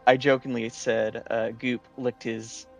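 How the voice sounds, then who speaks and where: A man with a gravelly voice at an ordinary pitch, casually recapping the last session of a tabletop game. He rambles along with many fillers and false starts. Soft music plays behind him. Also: little pitch movement, unhurried.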